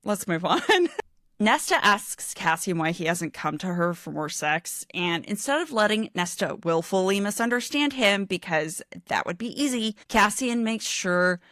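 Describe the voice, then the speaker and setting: Female podcast co-host, earnest book analysis, medium pitch, dry room. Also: big pitch swings, measured pace, a bit bright, dry recording. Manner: earnest, analytical, laughs easily. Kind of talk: casual book discussion.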